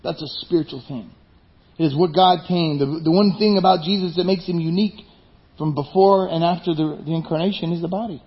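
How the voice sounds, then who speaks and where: A man's voice: fairly high pitch, brisk. A man preaching a conversational sermon as a pastor, often asking the congregation rhetorical questions. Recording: dull lo-fi sound.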